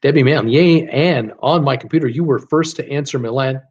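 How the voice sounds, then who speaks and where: Man, trivia host, chatty, filler-heavy, mid pitch, dull lo-fi stream audio. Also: normal speed. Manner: chatty, filler-heavy, chuckles at his own jokes. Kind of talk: live-stream trivia reading viewer answers.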